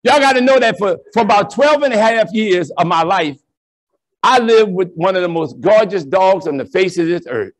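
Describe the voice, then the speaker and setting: A priest tells jokes and stories to a hall of teachers. His high voice swings widely up and down as he works the crowd with playful, animated delivery. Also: moderate pace. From New Orleans. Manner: animated, joking, plays to the crowd. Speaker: Catholic priest and speaker. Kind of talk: comic storytelling talk to educators.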